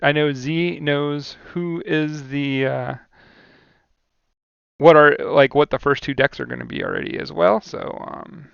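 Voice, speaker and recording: A chatty man calls a card game match with a gravelly, resonant voice, often laughing and full of fillers. The sound is dry and a little muffled. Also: a little high, a little slow, dry recording. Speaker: co-commentator. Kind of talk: casual card game commentary.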